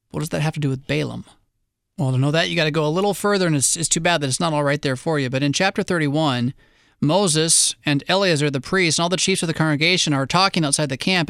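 A man preaching a sermon in a conversational way, with wry asides and quick digressions. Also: a little high, a bit bright, dry recording, clean studio sound. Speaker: pastor.

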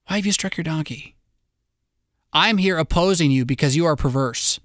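A stern angel bearing a flaming sword, as a preacher gives him voice, commanding and blunt. Tenor-ish voice with a dry, close sound. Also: male voice, fairly high pitch, normal speed, a bit bright, no echo, natural voice.

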